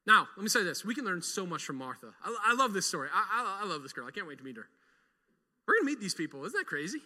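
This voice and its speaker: A man's voice: high voice, sing-song, fast talker, sharp tone, in a large hall. A middle-aged male pastor preaching an emphatic sermon and leading the congregation in call-and-response.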